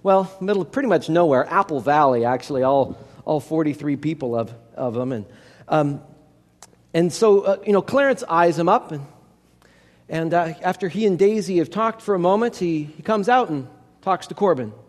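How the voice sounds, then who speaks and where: A man's voice: on the high side, animated, moderate pace. A man telling a story aloud, chatty and digressive, talking straight to his listeners. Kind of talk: oral storytelling performance. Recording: long hall reverb.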